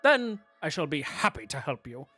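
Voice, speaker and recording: A man's voice: fairly high pitch, big pitch swings, normal speed, pushed and bright, soft background music, full character voice. A man voicing a pompous, pudgy male noble lord who speaks in a grandiose, condescending way.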